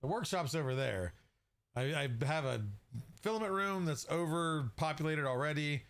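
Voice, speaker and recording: A man's voice: on the high side, lively intonation, moderate pace, a bit bright. A man hosting a casual livestream, chatty and joking, who greets viewers by name and laughs often. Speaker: livestream host.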